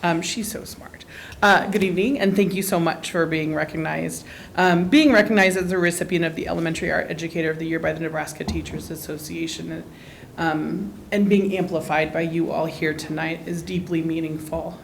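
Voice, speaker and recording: A woman's voice: low-pitched, fairly even intonation, brisk, creaky, slight background noise. A woman art teacher giving a heartfelt, grateful acceptance speech at a school board meeting, with frequent ums. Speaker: award-winning art teacher.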